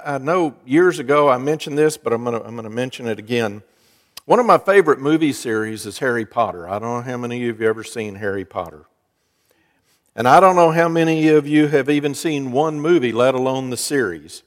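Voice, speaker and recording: A man, a pastor, giving a sermon in a chatty, storytelling way. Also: medium pitch. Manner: conversational storytelling preacher. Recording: long church reverb.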